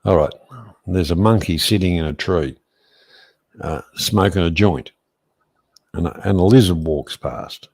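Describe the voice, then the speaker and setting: A man drifts through a long joke in casual chat, doubling back whenever he loses his place. His voice sits very low and carries a gravelly rasp. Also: a little mellow. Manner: slow, meandering storyteller who loses his thread.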